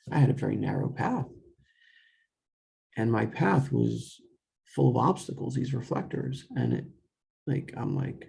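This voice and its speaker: A man's voice: medium pitch, creaky, warm tone. A young man telling a rambling personal story in a casual way, full of fillers and restarts, quoting himself and others. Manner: quotes himself and others in dialogue.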